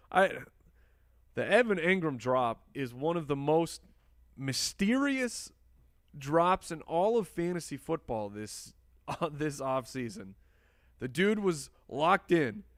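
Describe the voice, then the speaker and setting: A man's voice: medium pitch, gravelly, fairly bright tone, no room sound, studio quality. A man hosting a live fantasy football stream, chatting casually and answering viewer questions while he drafts. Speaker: fantasy football podcast host.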